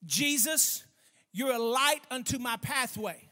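High-voiced man preaching in a reverberant hall. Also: expressive, pushed and bright. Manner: emphatic, calls for congregation responses, stretches key words slowly. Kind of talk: sermon.

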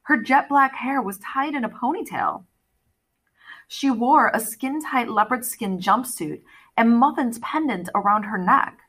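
A woman narrating an audiobook in the first person, with lively, expressive storytelling. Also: fairly high pitch, measured pace, slightly rough.

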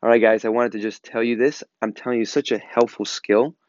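A man's voice: medium pitch, fairly even intonation, a little fast, darkish tone, muffled recording, a little hiss or hum. A man hosting a casual advice monologue, talking earnestly and repeating himself with lots of fillers. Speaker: podcast host.

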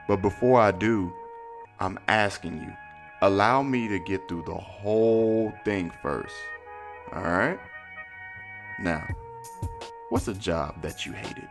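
Guy ranting on his podcast, swears a lot, does high squeaky voices for people, music faint behind. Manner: animated, profane, acts out quotes in high voices. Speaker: podcast host. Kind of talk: casual storytelling monologue.

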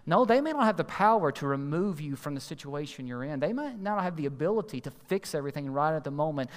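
A man preaching a sermon as pastor, earnest and emphatic, slowing to stress key phrases. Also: a little high. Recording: long hall reverb.

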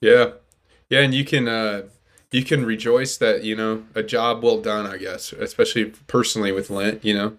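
Young dude on a podcast, low voice, trails off and restarts a lot. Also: male voice, little pitch movement, moderate pace, a bit bright. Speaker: podcast co-host. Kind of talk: casual chat.

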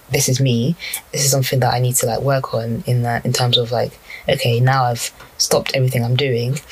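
Young guy, husky voice, casual and hesitant, musing aloud with lots of false starts. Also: medium pitch, rough recording. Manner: hesitant, rambling, many restarts and fillers. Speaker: speaker reflecting on personal prayers. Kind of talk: casual reflective monologue.

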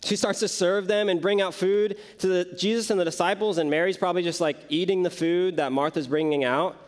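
A man's voice: high voice, fairly even intonation, fairly quick. A young man preaching a casual sermon, telling the story conversationally with frequent asides to the listeners. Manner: conversational, many "like" and "right?" asides. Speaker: youth preacher.

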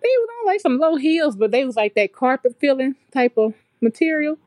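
A young adult woman telling a story in a relaxed, chatty way, as a podcast guest. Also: high voice, brisk, dry recording. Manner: relaxed, chatty and colloquial, with frequent fillers. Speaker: podcast guest, nursing graduate. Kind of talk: casual storytelling chat.

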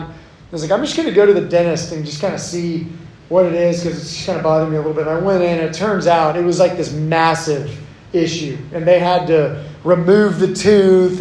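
A young male youth pastor delivers a sermon in a conversational, relatable way and leans on personal stories. His voice sits high for a man. The sound rings with the echo of a large hall. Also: darkish tone. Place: church hall. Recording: echoey hall.

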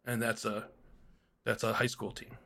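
A man's voice: lowish voice, flat delivery, moderate pace, creaky, sharp tone. A man in his forties co-hosting a podcast, playful and mock-dramatic in casual chat. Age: 40s. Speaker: podcast co-host.

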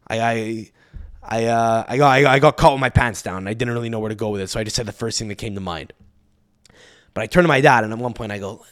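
A young man hosting a podcast, telling a story as a profane, animated rant that swings between loud outbursts and muttered asides. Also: fairly low pitch, fast. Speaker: podcast host. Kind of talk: ranting storytelling monologue.

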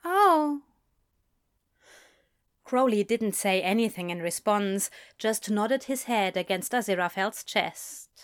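A woman narrating a fan fiction story in a soft, gentle storytelling manner. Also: medium pitch, moderate pace, few pauses, clean tone. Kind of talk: audiobook fan fiction reading.

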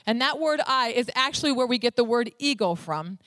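A woman's voice: on the high side, lively intonation, fairly quick, a bit bright, no echo. A woman preaching a sermon, emphatic, dwelling on single words and repeating them for weight.

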